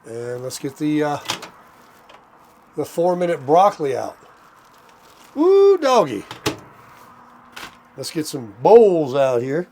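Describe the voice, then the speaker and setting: This older man's voice sits a little high, with lively intonation, a measured pace and a warm tone. He's cooking at his RV and talking to the camera in a folksy, casual vlog style, tired and slightly winded. The RV park setting shifts between indoors and out, and the recording has a faint hiss or hum.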